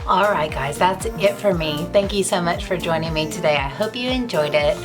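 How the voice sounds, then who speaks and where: Chatty woman beauty vlogger, lowish voice. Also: moderate pace, over music. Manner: bubbly, gushing and rambling. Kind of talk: chatty get-ready-with-me vlog.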